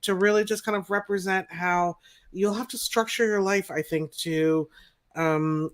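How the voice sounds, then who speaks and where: A woman speaking on a casual panel, earnest and excitable. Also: medium pitch, unhurried.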